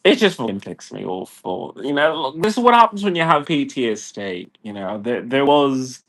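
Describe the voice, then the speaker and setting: Brief: man, mid-pitched, ranting vlog monologue, profane and agitated, rambling delivery. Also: very animated, normal speed, fairly bright tone. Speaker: vlogger.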